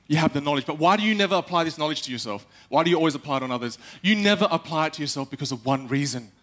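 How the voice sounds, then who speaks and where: A young man giving a live talk on stage, animated, acting out little quotes and speaking straight to the audience. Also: fairly high pitch, racing. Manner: animated, acts out quotes, addresses the audience directly.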